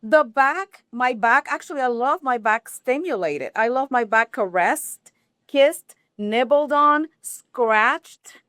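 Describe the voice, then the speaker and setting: A woman's voice: on the high side, expressive, slow pace, pushed and bright, no echo. A woman co-hosting a talk show, giving frank, direct advice with enthusiasm. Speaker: co-host, sex expert.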